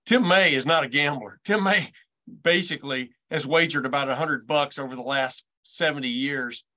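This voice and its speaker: Bright-voiced man in his sixties. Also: mid-range voice, normal speed. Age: 60s. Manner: folksy, rambling, stammers when framing questions. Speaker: host. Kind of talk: casual sports chat.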